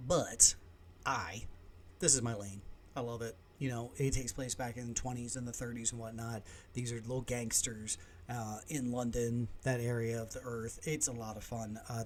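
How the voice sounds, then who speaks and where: A man's voice: medium pitch, slight background noise. A man hosting a podcast, giving casual, opinionated reviews of movies and shows with lots of fillers and side remarks. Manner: animated and opinionated, with many fillers and asides. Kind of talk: casual solo review talk.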